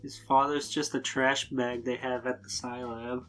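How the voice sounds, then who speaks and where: A man's voice: mid-range voice, flat delivery, unhurried, a bit bright, faint music behind. A man co-hosting a comedy podcast, reading fanfiction aloud in exaggerated voices and joking between lines. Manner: reads lines in exaggerated put-on voices, laughing. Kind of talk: comedic dramatic reading with riffing.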